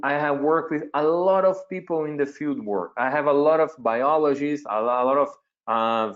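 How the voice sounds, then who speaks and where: A man from Brazil with a Brazilian Portuguese accent, a wildlife vet giving a webinar talk, pausing to search for words and asking the audience questions. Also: mid-range voice. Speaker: wildlife veterinarian presenter. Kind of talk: webinar presentation. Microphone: computer mic on a video call. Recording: dull lo-fi webinar audio.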